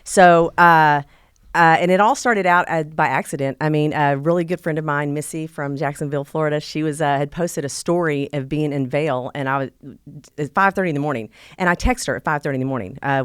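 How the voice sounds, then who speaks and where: A woman on a podcast as a real estate agent guest, chatty and animated, with many fillers and restarts. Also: deep voice, brisk, smooth, no room sound, clean studio sound. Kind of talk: casual podcast chat.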